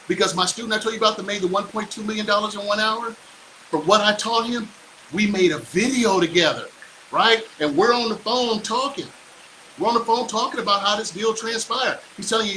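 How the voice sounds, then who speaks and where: A man working as a real estate coach, delivering a hyped, boastful motivational pitch full of slang. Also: bright, forceful tone, a little hiss or hum, low-quality recording.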